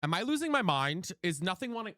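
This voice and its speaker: A young man streams from his room at home in studio-quality sound with no room echo, his high, sing-song voice bright and forceful as he talks fast. He plays a game while chatting casually, greeting viewers by name and swearing freely.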